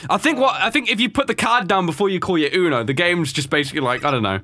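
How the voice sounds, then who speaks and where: A man in casual gaming banter, boisterous and joking, often shouting with excitement. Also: high voice, fast talker. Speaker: gaming channel member.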